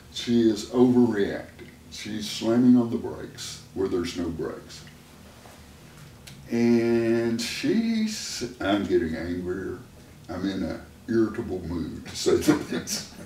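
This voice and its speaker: Slow-talking man on a roomy distant mic. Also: fairly low pitch, animated, mellow. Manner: slow, unhurried, laughs often. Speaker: therapist and host. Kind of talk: casual conversational storytelling. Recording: roomy room sound from a distant mic, faint noise.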